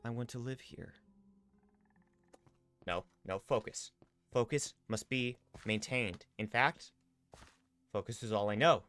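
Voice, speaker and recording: A man's voice: medium pitch, slow pace, long pauses, fairly bright tone, faint music behind. A man streaming a game live, chatting casually, reading viewer messages aloud and slipping in and out of a playful role-play. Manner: playful, rambling, reads chat messages aloud.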